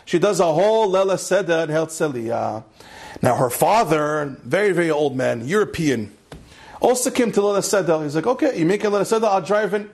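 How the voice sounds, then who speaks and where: Man, rabbi, high voice, Torah lecture, repeats lines, sprinkles in Hebrew terms. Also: slightly rough. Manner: animated storyteller, repeats phrases, rises to impassioned climax; mixes Hebrew and Yiddish terms into English. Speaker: rabbi giving a Torah class.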